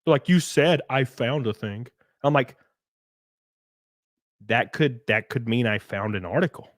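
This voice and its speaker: Animated man hosting a livestream. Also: mid-range voice, unhurried, no room sound, studio quality. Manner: animated, swears, mocks critics in put-on voices. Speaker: livestream host. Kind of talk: casual livestream chat reading super chats.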